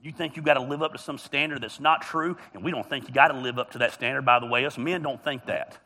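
Preacher guy, husky bright voice, jokey and chatty with the crowd. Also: medium pitch, fast. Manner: joking, chatty, teasing the congregation. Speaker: pastor. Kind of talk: humorous sermon storytelling. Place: church auditorium.

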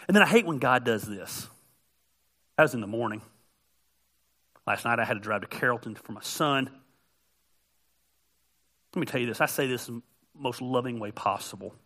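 A middle-aged male pastor giving a conversational, joking sermon that builds to loud, emphatic peaks. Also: mid-range voice, normal speed, long pauses.

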